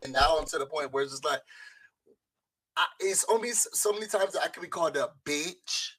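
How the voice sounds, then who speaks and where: A man on a livestream who speaks defensively and haltingly, repeating himself as he talks into a cheap boom mic. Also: animated, bright, forceful tone. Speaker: rival streamer on camera. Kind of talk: heated livestream argument. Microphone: cheap boom mic on a swing arm.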